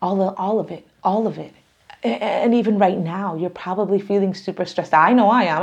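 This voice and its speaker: Gravelly-voiced woman reading tarot, emotional. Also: medium pitch, a little fast, a little mellow. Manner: emotional, rambling, laughs often. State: near tears. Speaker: tarot reader. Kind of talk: casual tarot reading to camera.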